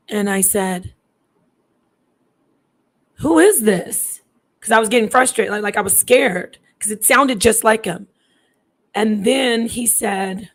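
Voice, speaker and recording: Her mid-range voice has a creaky quality. In her thirties, she recounts a personal story casually, drifting into digressions, restarting frequently and performing other people's lines.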